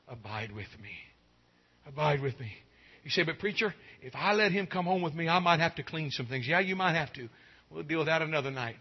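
A man preaches a revival sermon in a fairly high voice. He swings from hushed pleading to loud, ringing exclaims and draws out his key phrases. The sound is dull and lo-fi.

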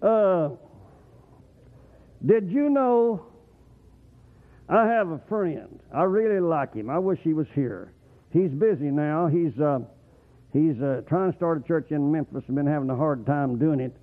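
A man preaching a rambling, folksy sermon, often swooping up into excited whoops. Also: on the high side, a little slow, long pauses. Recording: tinny phone-like radio broadcast.

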